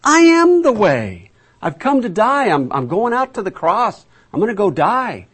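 Guy doing an earnest pleading teacher voice, way higher than his own, husky edge. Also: wildly swooping pitch, a little slow, a bit bright, heavily acted. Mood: urgent. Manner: urgent, insistent. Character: earnest grown man pleading with his followers.

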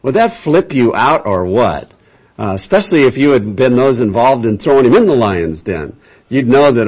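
A man's voice: medium pitch, sing-song, moderate pace, a little mellow, slightly rough. Folksy man preaching a conversational sermon. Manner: folksy, chatty storytelling with frequent restarts. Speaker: pastor. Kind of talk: conversational Bible-teaching sermon.

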